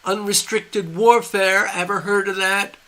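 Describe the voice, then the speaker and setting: A man's voice: sits high, normal speed, bright, forceful tone. A man putting on the voice of a gloating male political leader who taunts and scorns his listeners. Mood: taunting.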